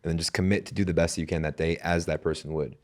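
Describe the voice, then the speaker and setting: A male podcast host with a very deep voice talks quickly and eagerly. He keeps affirming his guest in a loose, casual interview. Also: level tone, darkish tone. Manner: enthusiastic, affirming.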